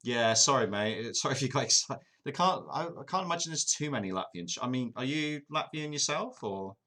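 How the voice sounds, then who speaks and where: A man's voice: medium pitch, animated, brisk, sharp tone. An English man casually streaming a football management game, chatting with his viewers and poking fun at himself. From England. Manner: chatty, self-deprecating, talks to chat. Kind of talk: casual live-stream chat.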